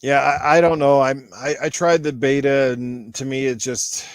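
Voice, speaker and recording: A man's voice: medium pitch, steady tone, normal speed, smooth, no echo. A man co-hosting a gaming podcast, talking in a laid-back, rambling, profane way. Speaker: podcast co-host. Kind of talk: casual gaming podcast chat.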